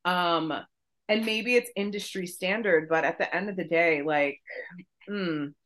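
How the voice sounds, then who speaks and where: A woman co-hosting a podcast, telling a story in casual chat, profane and animated. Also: lowish voice, a little slow. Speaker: podcast co-host.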